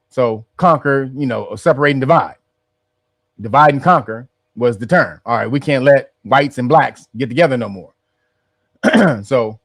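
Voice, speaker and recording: A man's voice: mid-range voice, no room sound, clean studio sound. A man hosting a casual commentary, rambling and restarting his phrases as he explains. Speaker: host.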